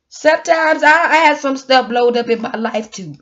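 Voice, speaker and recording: A woman giving a casual, rambling motivational talk, laughing often and swinging from loud to hushed. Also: high-pitched, moderate pace, few pauses, highs cut off. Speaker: motivational vlogger.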